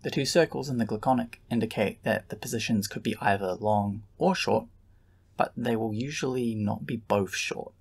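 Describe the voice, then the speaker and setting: Male narrator for a lesson video, gravelly and a bit husky, steady and explanatory. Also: on the low side. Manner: calm, measured explanation. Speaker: lecturer.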